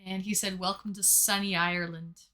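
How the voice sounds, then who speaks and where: A woman's voice: mid-range voice, little pitch movement, moderate pace, bright, forceful tone. A young woman hosting a casual live stream from home, reading chat messages aloud in a chatty, playful way. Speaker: livestream host reading chat.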